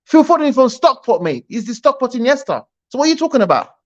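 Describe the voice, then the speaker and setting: A high-voiced man talks football over a dull, lo-fi stream line. He argues hard, repeating his points and firing off rhetorical questions. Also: fast. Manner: animated, argumentative, repeats himself. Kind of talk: casual football chat.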